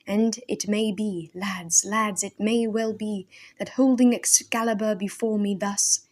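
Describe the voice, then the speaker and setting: Woman reading a crazed old hermit, archaic and fervent, shouting then whispering, storybook style. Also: medium pitch, steady tone, a little slow, lightly acted. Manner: intense, archaic speech, shouting then hushed. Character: mad old male hermit, wild and fervent.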